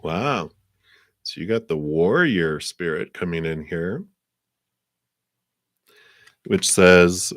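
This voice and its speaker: A man hosting a live card reading stream, reading messages in a gentle, slow, reflective way. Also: low voice, lively intonation, no room sound. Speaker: card reader.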